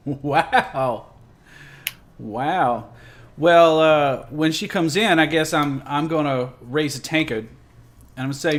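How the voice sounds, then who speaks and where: A high-pitched man at a tabletop game, talking in character as a chatty, jovial traveler. He rambles, restarts his sentences and keeps the talk going. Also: takes it slowly. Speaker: tabletop player.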